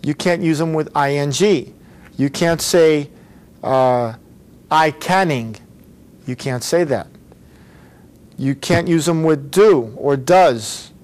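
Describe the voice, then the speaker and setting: A man's voice: on the high side, takes it slowly, pauses often, a little mellow. Patient male English teacher with a slightly raised voice who drills phrases for students to repeat. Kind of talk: recorded English grammar lesson.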